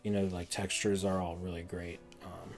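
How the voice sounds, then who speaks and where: A man's voice: sits low, little pitch movement, normal speed, creaky, faint music behind. A man streaming a heated game review, ranting and swearing often, repeating words in frustration.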